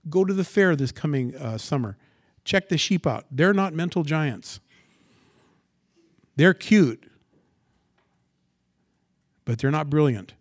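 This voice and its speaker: A man preaching a sermon, asking the congregation rhetorical questions and swinging from quiet asides to loud, dramatic scripture reading. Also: a little high, lively intonation, takes it slowly, long pauses, dry recording, studio quality. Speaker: pastor.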